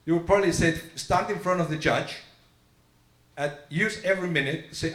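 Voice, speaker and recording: Guy giving a sermon, slightly high voice, tells a story and plays out the dialogue, echoey sanctuary. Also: a little fast, fairly bright tone. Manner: storytelling sermon, acts out dialogue with shifting pitch. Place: synagogue sanctuary.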